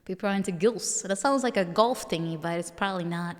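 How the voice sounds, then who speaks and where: A woman's voice: fairly low pitch, a little fast, in a large hall. A woman streamer with a mature-sounding voice, chatting casually with viewers and giggling often.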